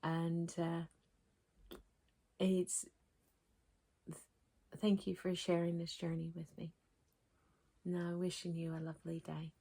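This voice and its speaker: A woman with a mixed American and English accent, hosting a crafting vlog in a gentle, rambling chat to camera with frequent restarts. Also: fairly low pitch, completely flat delivery, takes it slowly, pauses often. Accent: mix of American and English.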